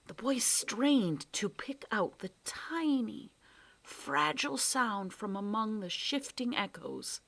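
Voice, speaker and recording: A woman's voice: fairly high pitch, lively intonation, takes it slowly, creaky, fairly bright tone. A woman reading a children's adventure book aloud with dramatic storytelling. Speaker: reader.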